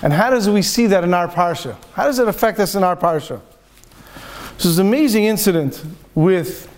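Rabbi guy, pretty high voice, telling a story in a torah talk, acts out the dialogue. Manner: lively storyteller acting out dialogue.

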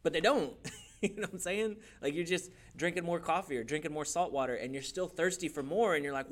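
A man teaching a church youth class in a playful, animated way, often laughing and acting out quick voices. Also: on the high side. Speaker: youth pastor.

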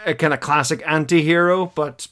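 A slightly high-voiced man talks through an episode in a loose, chatty way, stopping and restarting often and laughing as he goes. He sounds like a podcast co-host reacting to a show for the first time. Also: a little fast, fairly bright tone. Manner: chatty and hesitant, lots of fillers, laughs as he talks. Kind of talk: casual chat, recapping an episode.

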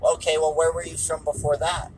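A man's voice: on the high side, completely flat delivery, a little fast, a little hiss or hum, pitched above the performer's own voice, natural voice, poor audio. A man voicing a suspicious, sarcastic mother. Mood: skeptical. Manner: skeptical, sarcastic questioning. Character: suspicious mother questioning a stranger.

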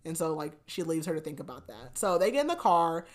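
A woman's voice: low voice, very animated, fairly quick. A woman hosting a podcast, giving a chatty book recap, laughing often and saying "like" a lot. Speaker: podcast host.

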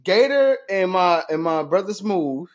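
A young man telling relaxed, rambling drinking stories in casual chat, sometimes tripping over his words. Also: high-pitched, unhurried. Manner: laid-back storytelling with restarts. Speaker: podcast guest.

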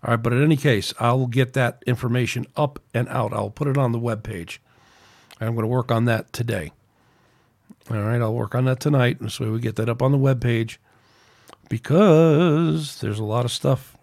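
Solo podcast host, male, mid-pitched, ranting and venting, loose and rambling. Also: moderate pace, creaky, pauses often. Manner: angry, ranting, rambling with restarts.

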